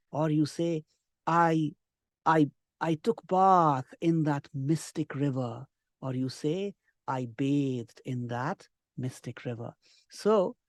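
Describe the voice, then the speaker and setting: A middle-aged man, teaching an online spoken class with lively, encouraging emphasis. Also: fairly high pitch, no room sound, clean studio sound. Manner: lively, encouraging, lots of emphasis and drawn-out words. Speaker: English communication trainer.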